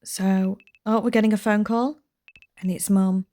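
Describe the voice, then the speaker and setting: A woman hosting a game playthrough, calmly reading the game's text aloud and commenting. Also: mid-range voice, moderate pace, a little hiss or hum. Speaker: gaming channel host.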